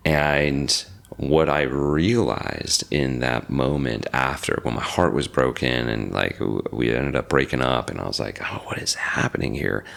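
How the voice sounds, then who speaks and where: A man's voice: a bass voice, unhurried, gravelly. A man in his forties, a podcast guest, telling a personal story in a casual interview and acting out the other people's lines. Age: 40s. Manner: animated storyteller acting out quoted dialogue. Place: lives in Reno.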